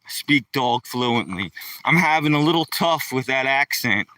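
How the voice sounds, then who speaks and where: A man's voice: medium pitch, lively intonation, normal speed, pushed and bright, no echo, recorded from a distance. A man livestreaming casually, rambling in a folksy way and chatting to viewers by name. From Pennsylvania. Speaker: livestreaming vlogger. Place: outdoors by a lake, walking a dog.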